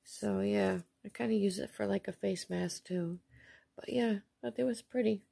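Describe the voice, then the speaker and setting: A woman chatting casually at home as she shows off craft mail and bargain finds, gushing softly and sometimes dropping to a near whisper. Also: medium pitch, normal speed, creaky, slightly rough. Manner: soft, gushing, often drops to a near whisper. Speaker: craft vlogger showing received mail and shopping finds. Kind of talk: casual show-and-tell chat.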